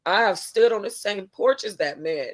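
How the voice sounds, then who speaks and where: A woman's voice: medium pitch, animated, normal speed. A woman vlogger and mother talking in a casual vlog, emotional and heartfelt.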